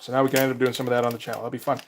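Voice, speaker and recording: A man's voice: mid-range voice, little pitch movement, racing, slight background noise. A man chatting casually on a live stream as a comic artist, rambling and laid-back, with casual swearing.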